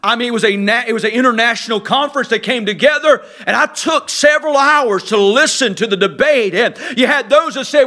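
A man delivers a sermon in a strikingly high, bright voice. He is animated, rising into loud emphatic bursts and dropping into low, quiet asides. His tone is sharp and forward. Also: fairly quick, hardly any pauses. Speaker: preacher.

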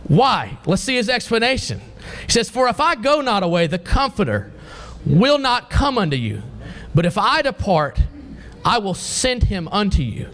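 A man's voice: high voice, sing-song, normal speed, fairly bright tone. A man preaching a sermon to a congregation, reading scripture and asking the listeners pointed questions.

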